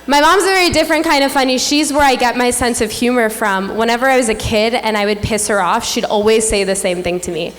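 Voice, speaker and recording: Young woman, twenties, stand-up comedian, gala emcee, playful self-mocking delivery, higher voice, long hall echo. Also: steady tone, fast, few pauses, a bit bright. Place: stage at a large gala hall. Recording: echoey hall, faint room ambience.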